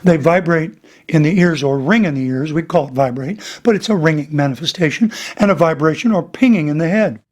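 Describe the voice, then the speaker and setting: Older male vocal coach, high speaking voice, worn tone, animated, demonstrates by singing. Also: a little fast. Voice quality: voice he says is damaged. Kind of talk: casual teaching interview with sung examples.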